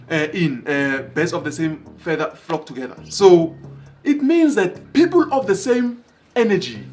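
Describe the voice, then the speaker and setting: A man telling motivational stories in an animated way, breaking into excited exclamations. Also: high-pitched. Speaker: motivational speaker. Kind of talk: motivational storytelling.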